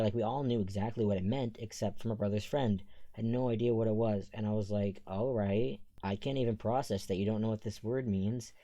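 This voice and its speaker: A man's voice: lowish voice, warm tone, no echo. A man chatting casually over a voiceover at home, rambling from one side topic to the next. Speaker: Sims speed-build creator.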